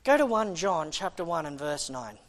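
A man's voice: a little high, big pitch swings, normal speed, fairly bright tone. A man preaching a sermon in an impassioned, conversational way, often restarting his sentences.

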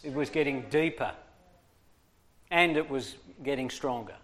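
A man's voice: mid-range voice, measured pace, fairly bright tone. A man teaching a small group in a casual, demonstrative way, swinging his voice up and down to make his points. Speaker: speaker teaching discipline. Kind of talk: informal talk to a small group.

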